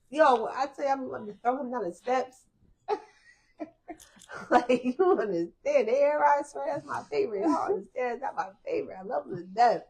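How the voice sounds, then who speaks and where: A woman's voice: high-pitched, lively intonation, normal speed, gravelly, darkish tone, husky. A woman co-hosting a casual chat, joking and laughing as she talks. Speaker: podcast co-host.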